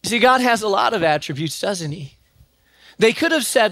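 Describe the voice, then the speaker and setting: A man's voice: high voice, lively intonation, normal speed, bright, forceful tone, no echo. A man preaches a sermon, building his lines dramatically and calling out repeated refrains. The sound is close and dry, with no room around it. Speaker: pastor.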